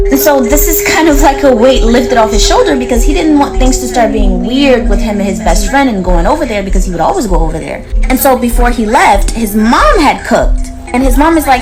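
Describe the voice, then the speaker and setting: A woman's voice: fairly high pitch, animated, normal speed, few pauses, over music, poor audio. A woman casually telling a story, recounting what people said with plenty of "like" along the way. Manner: chatty, recounts dialogue with lots of "like".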